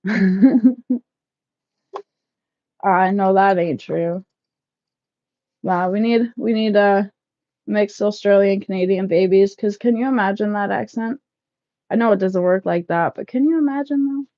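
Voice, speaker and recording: A woman in her thirties chatting casually with live viewers while packing up, loud and laughing, swearing freely. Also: medium pitch, unhurried, long pauses, dry recording, lo-fi sound. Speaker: livestream vlogger. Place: shed, packing up.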